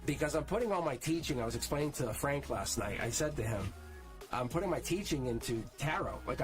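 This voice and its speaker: A man runs a live tarot reading in a loose, chatty way, laughing often and calling out to viewers in the chat. His voice sits in a middle pitch for a man. Clear music plays underneath him the whole time. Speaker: tarot reader hosting a live stream. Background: music playing.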